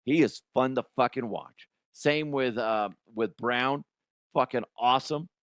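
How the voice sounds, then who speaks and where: A man's voice: mid-range voice, unhurried, clean tone, no room sound, studio quality. A man hosting a sports comedy show, ranting bluntly and cursing often. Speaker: sports comedy podcast host. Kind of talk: profane sports rant.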